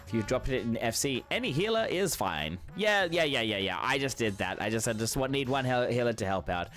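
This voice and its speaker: Male streamer, mid-pitched, rambling and upbeat, faint game music behind. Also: very animated, brisk, a bit bright. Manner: friendly, encouraging, rambling with many fillers. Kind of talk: casual live-stream chat while playing.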